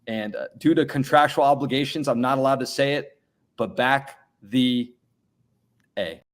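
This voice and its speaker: A man's voice: medium pitch, moderate pace. A middle-aged man, a college basketball coach, giving earnest, plain-spoken interview answers and often repeating words as he thinks.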